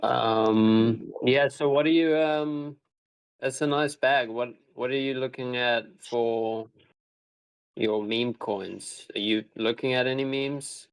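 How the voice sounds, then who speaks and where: A man's voice: medium pitch, steady tone, slow pace, clear, resonant tone, low-quality recording. Easygoing man chatting on a stream. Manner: easygoing, asks questions, laughs readily. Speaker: co-host on the stream. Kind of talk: casual live-stream chat.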